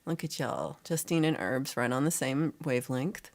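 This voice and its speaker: A woman's voice: rumbling low, moderate pace. A middle-aged woman, hosting a casual livestream chat and teasing viewers as she reads their comments aloud. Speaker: livestream host.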